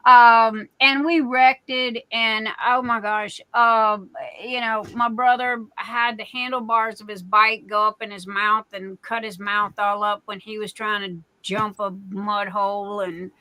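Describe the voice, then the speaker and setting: A woman's voice: medium pitch, level tone, a little slow, sharp tone, dry recording. A middle-aged woman hosting a livestream, telling rambling folksy stories in a casual chat full of fillers. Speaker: livestream host.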